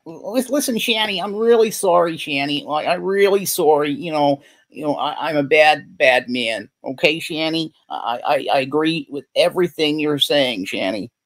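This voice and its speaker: A man's voice: a little high, moderate pace, pitched above the performer's own voice, close to an everyday voice. A man mocking a groveling, whiny husband. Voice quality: whiny, pleading. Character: groveling sorry husband, adult man, meek.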